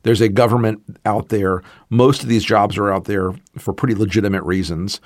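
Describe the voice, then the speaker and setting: A man from the American South co-hosting a political discussion, measured and earnest, with many "you know" fillers. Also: lowish voice, steady tone, darkish tone, no echo, studio quality. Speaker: podcast co-host.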